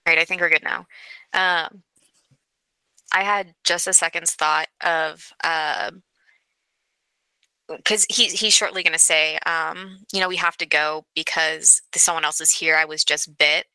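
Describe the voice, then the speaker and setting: A woman with a smooth, crisp voice, sharp and very bright, and a slightly low pitch. She chats casually on a remote call, thinking aloud and adding quick asides. The sound is close and dry. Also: steady tone, no echo, poor audio. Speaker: co-host. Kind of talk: casual chat.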